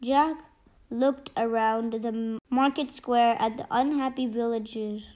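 A woman's voice: a little high, fairly even intonation, a little slow, a little mellow, low-quality recording. A woman narrating a children's storybook steadily, with small slips. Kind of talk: storybook reading.

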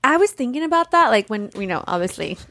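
A woman in casual chat who reacts quickly and joins in on her co-host's story. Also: a little high, sing-song, sharp tone, no echo.

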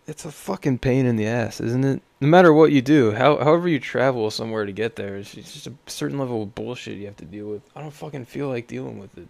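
A man's voice: medium pitch, quick pace, creaky, few pauses, darkish tone, dry recording. A young man hosting a podcast, talking in a rambling, profane, sardonic way. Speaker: podcast host. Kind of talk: casual solo podcast rant.

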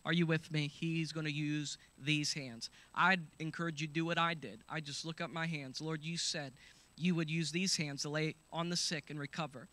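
A man preaching a sermon, reading scripture aloud, calling out hallelujahs and shouting the healing commands. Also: on the high side, fairly even intonation, normal speed. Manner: calls out to the congregation with hallelujahs.

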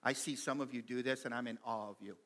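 Guy preaching to his church, chatty and animated, normal pitch. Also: fast. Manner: animated, conversational preaching with quotes and asides. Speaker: pastor. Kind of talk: sermon.

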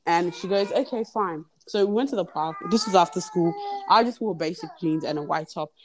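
A young woman guesting on a podcast tells a long story in casual chat, her fairly low voice moving a little fast. She's animated and acts out other people's lines, while children can be heard in the background.

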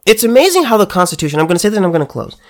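A political commentator delivers a heated, sarcastic monologue with a lively, swinging pitch. The voice is emphatic and keeps tripping over itself, repeating words before pushing the point home. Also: racing. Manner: emphatic and sarcastic, with frequent stammered restarts.

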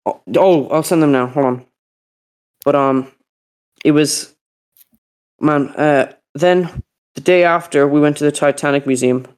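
Chatty teenage boy, higher voice. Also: fairly even intonation, unhurried, long pauses, darkish tone, clear, resonant tone. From Northern Ireland. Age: teens. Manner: rambling storytelling, acts out quotes. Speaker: podcast co-host. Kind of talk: casual chat.

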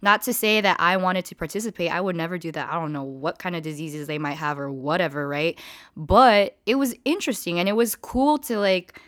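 Animated woman in her twenties, dry sound. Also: a little fast, no echo. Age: 20s. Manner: animated, swears freely, acts out quotes with high squeals. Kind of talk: casual storytelling to camera.

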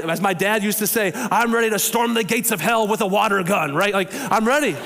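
High-voiced pastor preaching in a hall. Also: male voice, brisk, creaky, hardly any pauses, a little hiss or hum. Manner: conversational, animated storytelling with quoted voices. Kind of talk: sermon. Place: church sanctuary.

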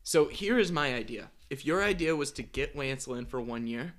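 A young man co-hosting a relaxed sports chat. His voice is bright and forward. He is opinionated and rambling, and he restarts his sentences as he talks. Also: medium pitch, normal speed. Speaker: podcast co-host. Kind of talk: casual sports talk.

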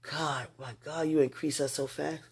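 A spiritual vlogger who has just woken up talks aloud to God in a spontaneous message. The mid-range voice is slightly rough, with vocal fry, at a moderate pace. The speech rambles, swinging between excited bursts and quiet murmurs.

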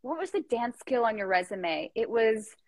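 Playful young woman host, crisp dry voice. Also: a little high, big pitch swings, normal speed, a little mellow, no echo. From Canada. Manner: playful, riffing on silly ideas. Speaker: podcast host. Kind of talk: casual chat.

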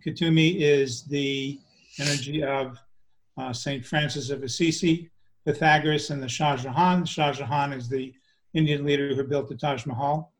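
A man explaining his trance channeling in a soft, hesitant, casual way. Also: mid-range voice, fairly even intonation, moderate pace, a little hiss or hum. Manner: soft-spoken, hesitant, lots of ums. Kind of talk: casual chat.

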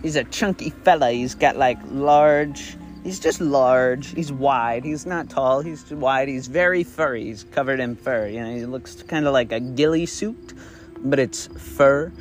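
A man's voice: medium pitch, moderate pace, soft background music. A young man improvising a second-person story, rambling with restarts and the odd swear word.

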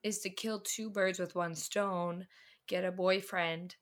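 A woman's voice: on the low side, fairly even intonation, slow pace. Chatty young woman laughing through stories. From northern United States. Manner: chatty, self-deprecating, laughs often. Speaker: podcast co-host. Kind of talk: casual chat.

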